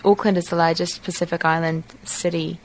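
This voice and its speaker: A woman from New Zealand speaks with a clear New Zealand accent in a fairly low register. She talks in a relaxed, unscripted way, pausing often with ums and small restarts. A faint hiss sits under the recording. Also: low-quality recording. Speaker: dialect archive speaker. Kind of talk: reading a passage, then casual unscripted talk.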